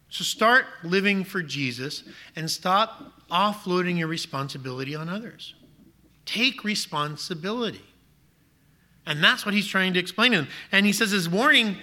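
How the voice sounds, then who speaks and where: A man's voice: sits high, moderate pace, bright, forceful tone. A pastor preaching a sermon, urging his listeners on with emphatic rhetorical questions.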